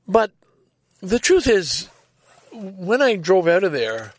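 A man's voice: high voice, very animated, slow pace, long pauses, dry recording. Exasperated older man ranting, swearing freely. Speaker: vlogger. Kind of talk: casual storytelling monologue.

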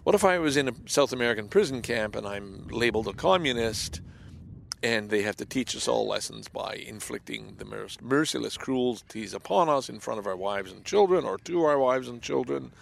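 A man with a gravelly, fry-edged voice speaks in a confessional monologue. He halts, repeats words, and lets his sentences sink into soft near-whispers. His pitch sits in an ordinary middle range. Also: animated, slight background noise. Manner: halting and repetitive, trailing off into soft near-whispers.

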